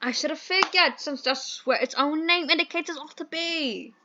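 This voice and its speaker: A woman voicing a fussy, flowery old-fashioned gentleman in a dating sim, with a put-on British accent and a pompous, theatrical manner. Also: high voice, normal speed, highs cut off, background noise, close to an everyday voice.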